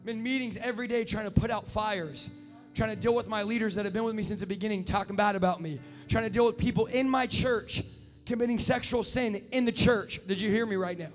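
A brisk, impassioned male preacher with a very high voice delivers a sermon that rings through a big echoing hall. Faint music plays underneath as he presses on and climbs toward shouts.

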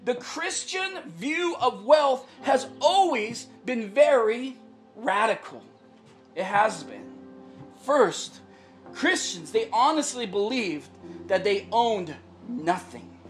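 A woman's voice: fairly high pitch, very animated, slow pace, soft background music. A woman pastor preaching a sermon in an earnest way, repeating phrases for emphasis and often checking in with the congregation.

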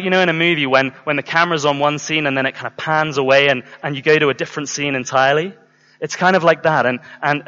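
A man telling a Bible story to a live group in an animated, repetitive way, with dramatic pauses. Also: on the high side. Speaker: children's church storyteller. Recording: dull sound in a long-reverb hall.

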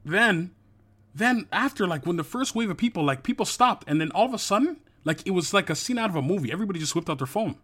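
A man hosting a podcast, talking in an emphatic, animated way and swearing casually in a group discussion. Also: high-pitched, quick pace.

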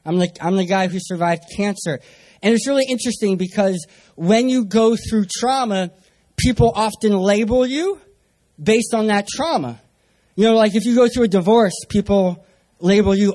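Young guy preaching, really high voice, jokey storytelling, pokes fun at himself. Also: moderate pace, a little mellow. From San Diego area, US. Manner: self-mocking humor. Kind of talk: storytelling sermon.

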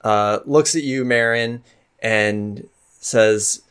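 A man narrating as game master of a tabletop game, talking in a relaxed way with many fillers and restarts. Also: on the low side, extremely slow, clean tone.

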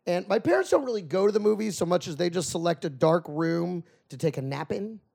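A man with a high voice and a gravelly rasp, chatting on a comedy podcast. His pitch swoops around as he acts out stories and bursts into loud shouted asides. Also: animated, fairly quick. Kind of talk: casual comedy podcast chat.

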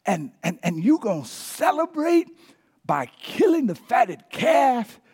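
A man voicing a resentful young older brother who complains and rises to shouts. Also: extremely high pitch, very animated, slow pace, slightly rough, voice pushed up, full character voice. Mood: indignant.

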